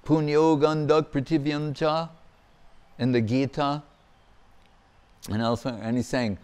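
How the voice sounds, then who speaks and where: A man giving a devotional lecture as a monk, telling scripture stories in an animated way and acting out the quotes. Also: fairly high pitch, a little slow, long pauses, smooth. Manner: animated storyteller, acts out quotes with laughter. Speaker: monk giving a spiritual discourse.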